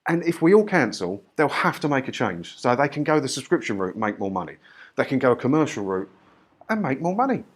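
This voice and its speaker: A man's voice: mid-range voice, very animated, fairly quick, husky. A man from the UK giving a persuasive rant to his viewers. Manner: ranting, persuasive. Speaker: YouTuber. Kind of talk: opinion rant to camera.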